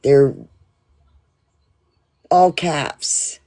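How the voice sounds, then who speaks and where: A man with a somewhat high voice rambles through a story for his livestream audience. He swears freely and stops and restarts often, filling gaps with ums and uhs. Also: drawn-out words, dark tone. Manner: rambling, profane, full of fillers and restarts. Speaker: livestream host.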